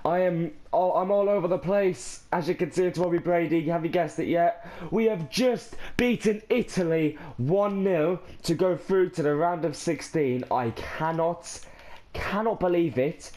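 A man's voice: fairly high pitch, normal speed, few pauses, warm tone. A young Irish man in his teens talking to camera in a casual vlog, overwhelmed and rambling, with restarts and sighs. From Ireland. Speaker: gaming vlogger.

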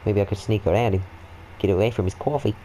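A young British man doing excitable, swearing, joking commentary while playing a stealth game. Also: on the low side, fast, a little hiss or hum, poor audio. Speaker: gaming video host. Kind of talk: let's-play commentary.

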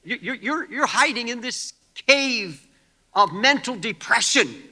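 A man preaches with a high, very bright and piercing voice. He moves between hushed pleading and impassioned shouting, and a long hall reverb trails behind every phrase. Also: animated, slow. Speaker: pastor. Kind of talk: sermon.

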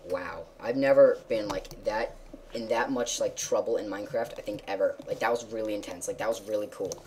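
A woman giving casual gameplay commentary, excitable, jumping from loud yelps to quiet mutters. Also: a bass voice, fairly quick, a little hiss or hum. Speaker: gamer.

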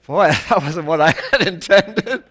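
A male pastor preaching a sermon in church, emphatic, rising to loud peaks. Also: a little high, expressive, measured pace.

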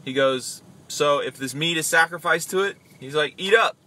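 A man hosting a casual podcast about faith, chatting loosely, acting out quick voices and reading comments aloud. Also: a little high. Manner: animated, acts out voices, reads comments aloud. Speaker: podcast host.

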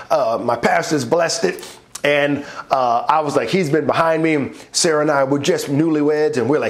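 A male pastor delivering a sermon, weaving in his own story with animated, acted-out quotes and easy laughter. He moves from heavy reflection into rousing calls to praise. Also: medium pitch, fairly quick. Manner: animated, acts out voices in his stories, laughs often. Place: church online worship service.

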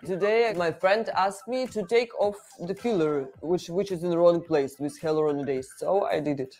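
A woman, an English speaker, talking frankly in a documentary interview with many pauses. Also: fairly low pitch, darkish tone, soft background music. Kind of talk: candid interview.

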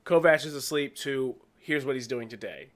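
A man co-hosting a podcast, chatting casually about a TV episode, laughing often and acting out lines from scenes. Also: medium pitch. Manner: relaxed, laughs often, acts out scenes in quick voices. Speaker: podcast co-host. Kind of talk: casual TV recap chat.

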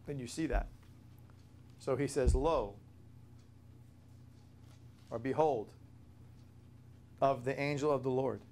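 A man's voice: mid-range voice, slow, pauses often, a little mellow. A man teaching a Bible study. He talks earnestly, repeats his key points and spells out words as he explains them.

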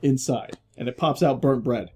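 A man's voice: mid-range voice, moderate pace, darkish tone, slightly rough. A young man chatting casually while playing a video game, joking, swearing and laughing a lot. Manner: laughs often, jokey, swears. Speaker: gamer. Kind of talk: casual gaming chat.

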